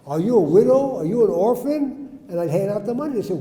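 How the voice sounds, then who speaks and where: A man telling his life story to a live audience, asking them questions and acting out the quotes loudly. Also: high-pitched, lively intonation, fast talker. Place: hall with an audience. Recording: echoey hall.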